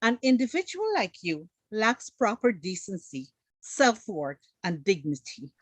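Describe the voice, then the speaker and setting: A woman's voice: medium pitch, sing-song, measured pace, breathy edge, no echo. A woman voicing a prim, overly formal woman who speaks in stiff, long-winded, polite phrases.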